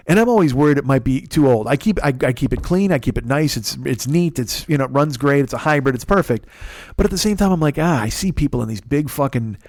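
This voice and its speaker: A man's voice: on the high side, darkish tone, no room sound. A man in his forties hosting a comedy podcast, telling a rambling, profane story with lots of restarts. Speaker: podcast host.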